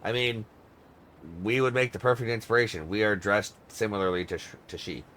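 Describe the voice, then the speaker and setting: A man's voice: fairly low pitch, a little fast, fairly bright tone, slight background noise, pitched below the performer's own voice, close to an everyday voice. A man voicing a blunt, sarcastic grown man acting as a tour guide, with dry remarks. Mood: wry.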